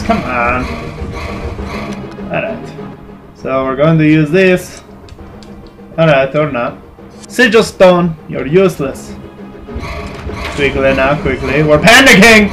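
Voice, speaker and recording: A young man commenting on a video game he is playing, swearing and yelling at it in an irritable mood. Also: fairly high pitch, slow pace, pauses often, faint music behind. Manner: excitable, swearing, shouting at the game. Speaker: gaming channel host. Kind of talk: casual let's-play commentary.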